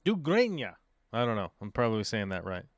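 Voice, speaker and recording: A man's voice: on the low side, steady tone, fast talker, clean tone, no room sound, clean studio sound. A man hosting a casual livestream chat in a playful way, thinking aloud and joking at himself. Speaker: livestream host.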